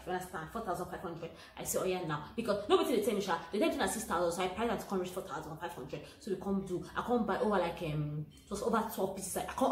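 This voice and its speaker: A young Nigerian woman telling a comic market story in pidgin, animated and acting out the voices of the people in it. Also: mid-range voice. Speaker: comedy vlogger. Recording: echoey room with faint noise.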